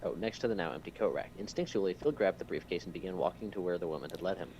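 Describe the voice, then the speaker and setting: A man's voice: sits low, very fast, a little mellow, dull audio, a little hiss or hum. A man reading a comic story aloud to friends in a playful way, stopping to comment and correct himself. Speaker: story reader.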